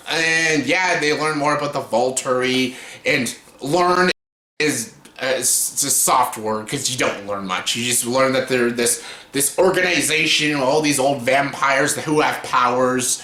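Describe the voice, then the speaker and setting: Reviewing films on YouTube, a young man with a mid-range, pushed, bright voice talks a little slowly. He's exasperated and mocking, curses frequently, and bursts into laughter, all recorded in an echoey room.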